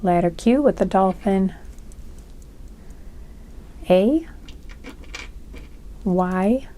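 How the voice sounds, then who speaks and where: A woman's voice: mid-range voice, extremely slow, warm tone. A woman giving a casual, rambling tarot reading, chatty and full of fillers as she reads out signs. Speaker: tarot reader.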